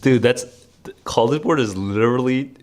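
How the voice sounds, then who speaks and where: A man's voice: mid-range voice, normal speed. A young man solving test questions aloud as a tutor streamer, laughing often, muttering as he reads and exclaiming "dude".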